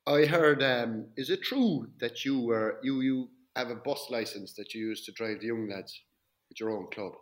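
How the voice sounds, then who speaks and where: Host: man, mid-pitched, chatty, teasing. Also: normal speed. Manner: chatty, leading questions, friendly teasing. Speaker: interview host. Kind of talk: casual interview chat.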